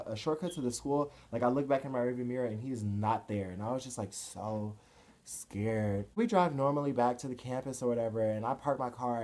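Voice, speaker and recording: A young man telling a story to camera in a casual, excitable way. He swings from hushed to loud and fills his talk with "like" and swearing. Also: medium pitch. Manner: excitable, fast shifts from hushed to loud, filler-heavy, swears freely. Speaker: vlogger.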